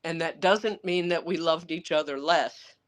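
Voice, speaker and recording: An author answers viewers' questions on a livestream, speaking in a low, unhurried voice. She tells candid, rambling anecdotes bluntly and saltily, swearing now and then and acting out other people's words in quoted voices.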